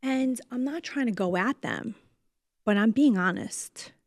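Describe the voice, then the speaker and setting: A woman's voice: a little high, expressive, a little slow, no echo, clean studio sound. Tearful woman holding back her tears. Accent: New Jersey. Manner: tearful, frank, swearing, trails off into near whispers. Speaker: podcast host. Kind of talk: emotional casual podcast talk.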